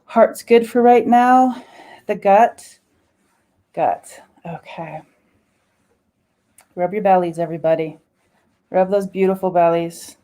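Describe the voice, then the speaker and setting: Slow and soothing, a woman's lowish, mellow voice leads listeners through a guided spiritual meditation, with sighs and chanted syllables woven between her words.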